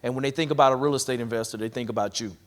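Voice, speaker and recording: This man's voice is mid-range and his pace very fast as he gives a live talk on real estate investing. Energetic and conversational, he coaches the people in the room directly.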